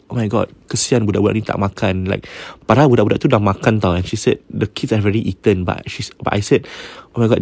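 A man's voice: fairly low pitch, dry recording. Singaporean man retelling a ghost story. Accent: Singaporean English. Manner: mixes Malay into English, many restarts; drops to a hush for eerie parts.

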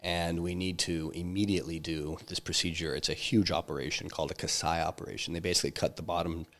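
A man with a very deep, low voice recounts a hard personal episode in an interview. He talks haltingly, restarting sentences and filling gaps with ums. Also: level tone, a bit bright. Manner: halting, many restarts and fillers. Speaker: interview guest, entrepreneur. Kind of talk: candid personal storytelling.

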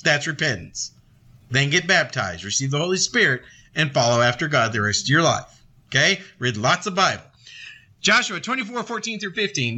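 High, sharp-voiced male preacher. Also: big pitch swings, moderate pace. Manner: emphatic and conversational, reads scripture aloud. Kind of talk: sermon.

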